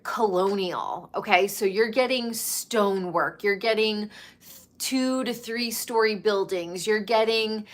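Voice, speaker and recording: A woman from New York gossiping in a casual, chatty way. She talks slowly and lingers on words for emphasis, with a pitch in the middle range. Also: a bit bright. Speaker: pop culture commentator. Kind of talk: casual chat.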